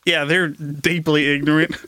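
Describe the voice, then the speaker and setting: A man doing improvised comedy as a Canadian guest, deadpan and often laughing through his lines. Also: fairly high pitch, a little slow, dry recording.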